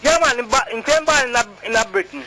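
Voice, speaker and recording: A man's voice: very high voice, a little fast, pushed and bright, low-quality recording. A man with a Jamaican accent calling in to a radio show, chatting casually in patois. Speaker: caller.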